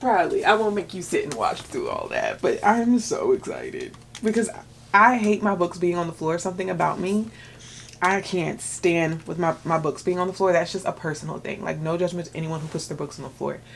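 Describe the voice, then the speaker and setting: An excitable woman in her thirties chats to her viewers about her books. Her voice sits on the low side and has a gravelly fry. A faint background hiss runs under the talk. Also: a little fast. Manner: chatty and excitable, with filler words. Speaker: book vlogger. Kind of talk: casual chat.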